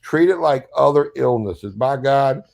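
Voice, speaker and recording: A man's voice: medium pitch, lively intonation, unhurried, gravelly, a little mellow. An older man with a Southern US accent, a recovery advocate talking bluntly and profanely in a casual chat.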